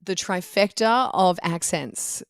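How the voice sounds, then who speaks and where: A woman's voice: lowish voice, animated, takes it slowly, vocal fry, clean tone, dry recording, clean studio sound. A woman co-hosting a casual political podcast, blunt and swearing freely. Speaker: podcast co-host.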